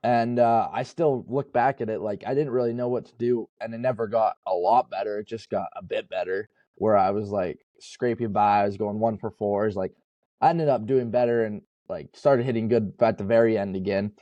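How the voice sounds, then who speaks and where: A man's voice: fairly low pitch, steady tone, normal speed, warm tone, no echo, muffled recording. A young man, a college baseball player, talking casually and earnestly as a podcast guest, rambling and correcting himself. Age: young adult. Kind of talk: casual interview talk.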